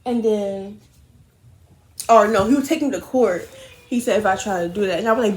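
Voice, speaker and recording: Young woman doing her makeup and rambling through a story, cussing a lot, backtracking all the time, average pitch. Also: a little fast, long pauses. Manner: rambling, animated, frequent swearing and self-corrections. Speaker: vlogger telling a story.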